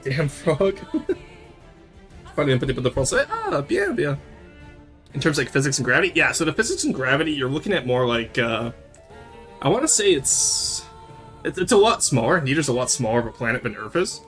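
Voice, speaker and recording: A young Quebecois streamer answers his viewers' questions in a relaxed, lively chat, his mid-range voice moving fairly quickly. Faint music plays in the background as he drops into French and swears and laughs freely.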